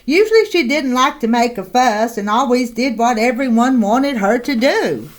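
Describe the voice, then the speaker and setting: A woman reading a children's picture book aloud in a slow, expressive way. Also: a little high. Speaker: storyteller.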